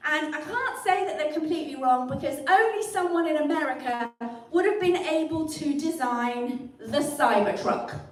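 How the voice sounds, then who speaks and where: A high-voiced English woman works through a wry stand-up set, poking fun at herself. The sound is roomy and distant, with the mic set far from her. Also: lively intonation, moderate pace, hardly any pauses. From England. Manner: wry, self-deprecating, chatty with the live stream audience. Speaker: stand-up comic. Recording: echoey room picked up from a distance.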